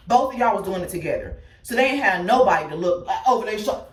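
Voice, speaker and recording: A woman telling her life story candidly and bluntly, cursing freely, talking straight to her listeners and swinging between loud outbursts and quiet asides. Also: mid-range voice, big pitch swings, moderate pace, distant mic. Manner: blunt and profane, addresses listeners directly. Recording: echoey room, speaker set back from the mic.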